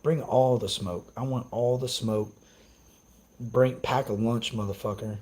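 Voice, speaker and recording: A man's voice: mid-range voice, fairly even intonation, measured pace, a little mellow, low-quality recording. Brash profane man ranting on stream. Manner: profane, brash, trash-talking. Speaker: streamer reacting to chat. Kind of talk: casual live-stream rant.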